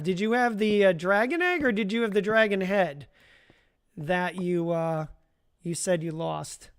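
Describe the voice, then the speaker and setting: A livestreamer plays games while chatting loosely with viewers, addressing chat members by name and laughing a lot. The medium-pitched voice is animated but slow, with frequent pauses, and there's no room sound. He rambles, keeps restarting, and laughs at his own jokes.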